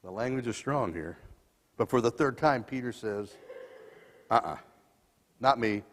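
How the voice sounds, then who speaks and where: A man in his sixties preaching a sermon as dramatic storytelling, swinging between loud and soft passages, in a church sanctuary. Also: medium pitch, animated, normal speed. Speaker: lay preacher. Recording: long church reverb.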